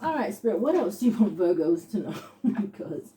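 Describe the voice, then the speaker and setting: A woman giving a casual tarot reading on her channel, thinking aloud and chuckling as she reads card texts slowly. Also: medium pitch, sing-song, noisy background. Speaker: tarot reader.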